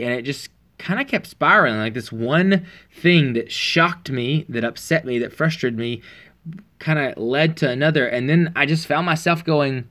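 A man preaching in a relaxed, earnest, conversational way, telling a personal story with frequent pauses and fillers. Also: a little high.

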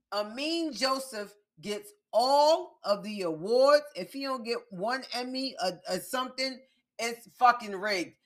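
A woman podcast host recapping a TV episode in casual chat, animated, emphatic and profane. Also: mid-range voice.

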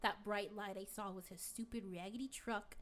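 A woman's voice: medium pitch, fairly even intonation, normal speed, natural voice. A woman playing a brash, crude middle-aged gossip in a comic sketch, rambling through a story with plenty of swearing. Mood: brash, gossipy. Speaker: guest.

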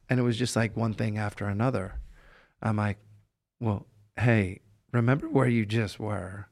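A man's voice: fairly low pitch, gravelly. A man hosting a heart-to-heart interview, telling stories in an earnest, upbeat way. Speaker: podcast host.

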